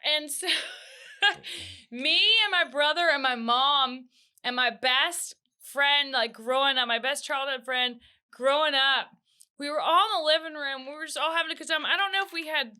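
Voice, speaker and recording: A woman in her thirties co-hosting a casual podcast, telling a family story with animated voices. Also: high-pitched, normal speed. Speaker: podcast co-host. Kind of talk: casual chat.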